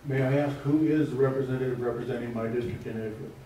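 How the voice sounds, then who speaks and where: Man with a dark, echoey far-off voice. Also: medium pitch, fairly even intonation. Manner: formal, measured, pointed. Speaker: resident speaking at public comment. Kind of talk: public comment at a school board meeting. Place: large meeting room. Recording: echoey hall, mic at a distance, faint noise.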